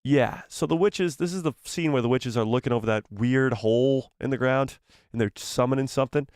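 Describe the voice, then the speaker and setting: A young man hosting a casual live stream, reading viewer messages aloud in an animated, playful way and sometimes stumbling over the words. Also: mid-range voice, brisk, clean tone, no room sound, clean studio sound.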